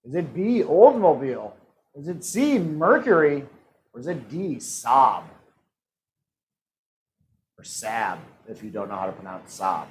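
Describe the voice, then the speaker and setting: A man's voice: on the high side, very animated, a little mellow, poor audio. A man hosting a live-streamed trivia game in a casual, joking manner. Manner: upbeat, joking asides and quick laughs. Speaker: trivia host.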